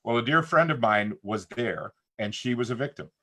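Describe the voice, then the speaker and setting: A man's voice: mid-range voice, normal speed. A middle-aged man in casual conversation as a talk show guest, telling stories and acting out what people said. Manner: animated storyteller who acts out quotes.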